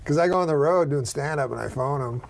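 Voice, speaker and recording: A man hosting a casual talk show, joking in a deadpan way and swearing freely. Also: a little high, quick pace, gravelly. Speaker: comedian and show host. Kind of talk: casual chat.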